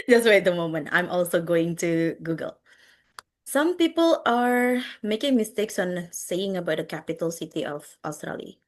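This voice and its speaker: A woman with a lowish, expressive voice and an Indonesian accent teaches an online English class at a measured pace. Chatty and quick to laugh, she quizzes her students and drops in Indonesian words.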